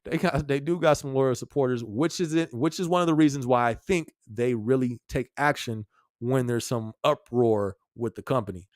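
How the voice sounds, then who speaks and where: Male podcast host, casual and slangy, mid-pitched voice, dry close recording. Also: a little mellow, no echo. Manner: laid-back, chuckles often, slangy. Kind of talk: casual live-stream chat.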